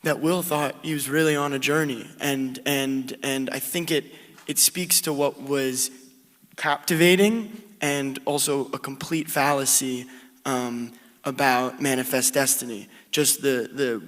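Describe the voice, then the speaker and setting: A man's voice: mid-range voice, steady tone, unhurried, fairly bright tone, big-room sound. A man answering at a film Q&A, earnest and searching for words, with many restarts. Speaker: actor at film Q&A. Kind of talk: panel Q&A answer.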